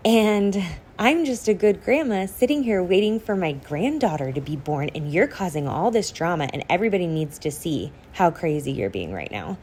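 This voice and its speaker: A woman's voice: lowish voice, lively intonation, moderate pace, a little mellow, a little hiss or hum, lightly acted. A woman mimicking her older mother in a creepy, sing-songy, taunting voice.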